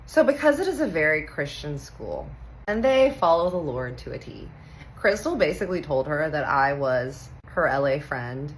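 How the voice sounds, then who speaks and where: Lively low-voiced woman telling a story. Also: normal speed, a little hiss or hum, poor audio. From Texas. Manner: animated, acts out quoted voices, playful cursing. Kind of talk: casual storytime monologue.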